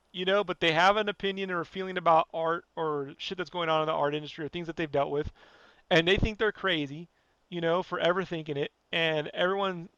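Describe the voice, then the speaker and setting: A man with a high, bright voice rants bluntly on his own podcast, swearing freely and circling back with "you know" again and again. The sound is dry and dull, like a lo-fi home recording. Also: clean tone, no echo. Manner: blunt, profane, rambling, fillers like "you know". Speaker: podcast host. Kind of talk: casual podcast rant.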